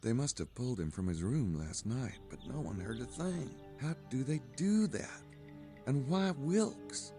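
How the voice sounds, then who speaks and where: A man's voice: medium pitch, expressive, measured pace, mellow, soft background music, lightly acted. An actor voicing a wry adult male detective in a video game, with dry asides. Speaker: game protagonist.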